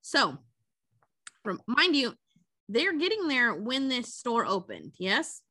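A woman co-hosting a podcast, recapping a movie in a casual, profane, animated way. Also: a little high, takes it slowly, no echo, clean studio sound. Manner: profane, animated retelling with quoted character voices. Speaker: podcast co-host.

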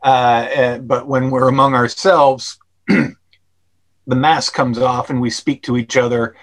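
On a podcast, an actor and filmmaker talks at length about his film in a casual interview, often using fillers and restarting his sentences. His mid-range voice has a fairly bright tone and fairly even intonation, and he speaks at a measured pace. The recording quality is low.

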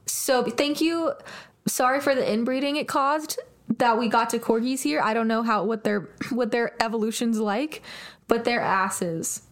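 A woman with a fairly high voice chats on a podcast with a friend. She tells stories with plenty of laughter and animated quoting of others. She talks in a loose, casual way. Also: normal speed. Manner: laughs often, animated storytelling. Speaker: podcast co-host. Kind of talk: casual chat.

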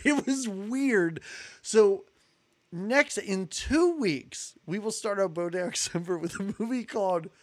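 A man's voice: sits high, expressive, measured pace. A man co-hosting a podcast in casual chat, laughing often as he runs through upcoming episodes. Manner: chatty, laughs often, announces schedule. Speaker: podcast co-host.

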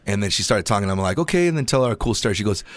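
A middle-aged man hosting a casual chat, excitable and playful, swinging from loud bursts to soft asides. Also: fairly low pitch, rapid-fire, slight background noise. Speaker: podcast host.

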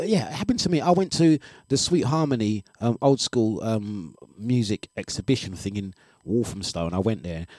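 A man hosts a breakfast radio show and chats casually on air. He talks in an animated way, laughs often and repeats his phrases. His voice sits at an ordinary pitch and sounds dry and close on a studio microphone. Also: no echo. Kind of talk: casual live radio chat.

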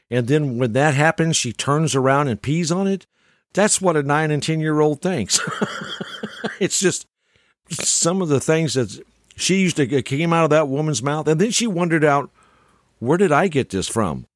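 A man's voice: fairly high pitch, normal speed, dry recording, clean studio sound. An older man telling stories in a casual, rambling monologue, chuckling often and restarting his sentences. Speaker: storyteller.

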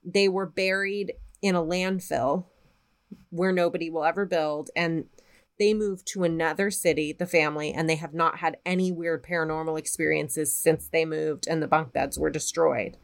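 Woman podcast co-host, slightly low voice, chatty and foul-mouthed storyteller. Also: normal speed, creaky. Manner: profane, animated retelling of a spooky story. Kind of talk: casual storytelling.

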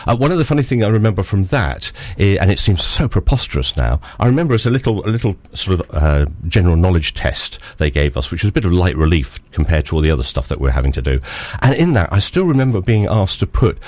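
Deep-voiced older man, dry storytelling. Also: very animated, fast talker, few pauses, darkish tone, dry recording. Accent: English. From Scotland. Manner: rambling storytelling, dry humour, chuckles. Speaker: interview guest, former diplomat. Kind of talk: radio interview anecdotes. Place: radio studio.

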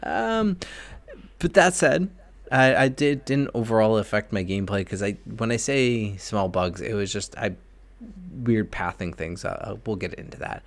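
Low-voiced man in casual game chat. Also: lively intonation, measured pace. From New England, US. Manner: hesitant, restarts with ums. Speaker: podcast co-host. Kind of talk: casual video game discussion.

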